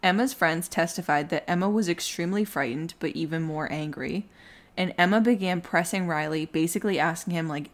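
A young woman hosts a true crime podcast in a chatty, casual way. Her voice sits a little low, and she slips into livelier, higher tones when she acts out what people said. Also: moderate pace. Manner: animated, acts out quotes with rising pitch. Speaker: podcast host.

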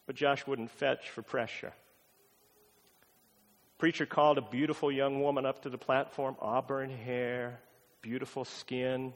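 A middle-aged man preaching a sermon as a pastor, telling stories with big swings in loudness. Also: mid-range voice. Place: church sanctuary. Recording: long reverb of a church hall.

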